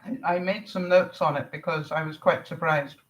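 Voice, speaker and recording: An older woman from Canada chatting casually on a live stream, answering viewer comments in a chatty, relaxed way. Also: deep voice, normal speed, rough recording. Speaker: vlogger.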